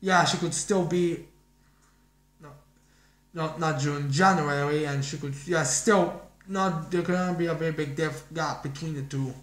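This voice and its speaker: A man's voice: on the high side, unhurried, fairly bright tone. A man casually reviewing a manga chapter, rambling and thinking aloud as he goes. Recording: roomy echo.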